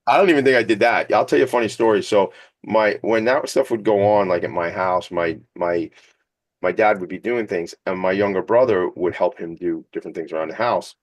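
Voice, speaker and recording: A fairly low-voiced man hosts a streamed talk radio show, rambling and joking as he talks. His delivery is chatty and enthusiastic, and he goes off on tangents. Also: fairly quick. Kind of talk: casual interview chat. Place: studio streamed on video.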